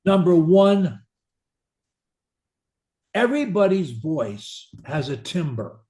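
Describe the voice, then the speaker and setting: A man coaching a client in a speech therapy session, blunt and pushy, demonstrating high, low and soft voices. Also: very animated, slow pace, reverberant.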